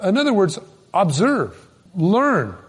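A man preaching a sermon in a folksy, animated storytelling manner with sudden loud bursts. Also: high-pitched, slow pace, husky, long reverb tail. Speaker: pastor.

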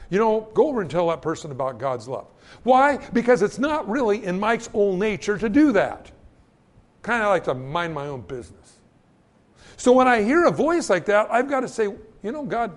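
A man preaching a sermon, telling Bible stories and acting out the voices in the quotes. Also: sits high. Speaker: pastor.

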